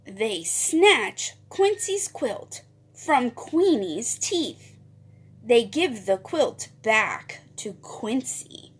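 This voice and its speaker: Slow sing-song woman teacher. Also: a little high, slightly rough. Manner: sing-song, drawn-out, switching to whispers. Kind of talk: phonics lesson for young children.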